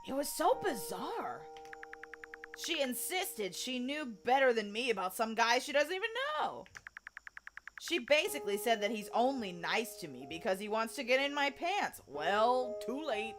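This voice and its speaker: A woman's voice: on the high side, big pitch swings, measured pace, music in the background. A woman with a Southern US accent voicing a young man who wryly recounts an awkward scene to a friend in a visual novel. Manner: wry, conversational storytelling. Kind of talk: reading a visual novel aloud.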